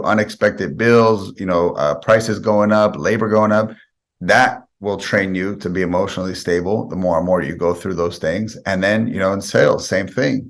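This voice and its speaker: Guest spot: a deep-voiced man, earnest and conversational, who lays out his ideas one example at a time. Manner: explains with step-by-step examples. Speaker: guest sales expert. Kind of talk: podcast interview answers.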